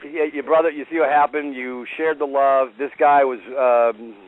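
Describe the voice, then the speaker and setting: A man's voice: mid-range voice, fairly even intonation, normal speed. A man hosting a casual radio chat, talking loosely and searching for words with many fillers. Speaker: radio show host. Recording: phone-line radio audio.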